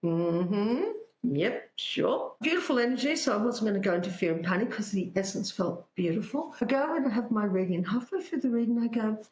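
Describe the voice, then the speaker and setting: A woman's voice: on the high side, fast, hardly any pauses, roomy sound, rough recording. A woman, a psychic guest telling stories animatedly in conversation. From Australia. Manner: animated, tells stories with spoken-out dialogue. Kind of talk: anecdotal storytelling in conversation.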